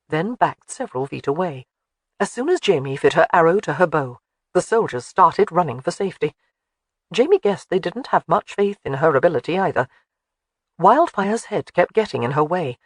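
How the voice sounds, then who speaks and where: An audiobook narrator reading a historical romance with expressive storytelling. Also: mid-range voice, moderate pace, dry recording, studio quality.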